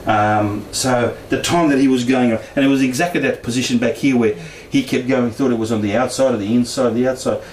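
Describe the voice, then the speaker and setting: With hardly any pauses, this middle-aged Australian man talks fairly quickly in a slightly mellow, mid-range voice with fairly even intonation. He shares paranormal experiences as a casual personal story, laughing often and acting out quoted voices. Echo, a distant mic, and faint noise mark the recording.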